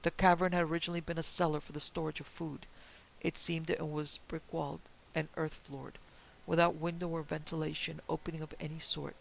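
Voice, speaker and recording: A gravelly woman reads a classic horror tale in a steady, measured way. Her voice sits fairly low for a woman and moves in a narrow, even band. A faint hiss runs under the recording. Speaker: narrator. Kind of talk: horror audiobook narration.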